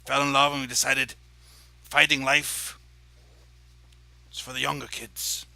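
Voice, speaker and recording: A retired adventurer now keeping an inn, curt and matter-of-fact, played by a man. He talks slowly, with a gravelly, bright tone. It is a tabletop game. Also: mid-range voice, level tone, heavily acted. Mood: reminiscing. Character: former adventurer, plain middle-aged innkeeper.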